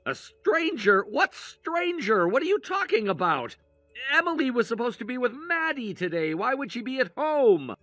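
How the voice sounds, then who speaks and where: A man's voice: extremely high pitch, very animated, moderate pace, fairly bright tone, no echo, soft background music, heavily acted. A man voicing a defensive husband who denies an affair, in a text-message story read aloud, in a dry recording.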